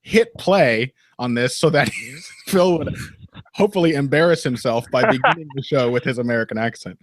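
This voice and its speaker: A man's voice: mid-range voice, animated, moderate pace, a little hiss or hum. A man co-hosting a casual podcast chat, teasing the others and laughing often. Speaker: podcast co-host.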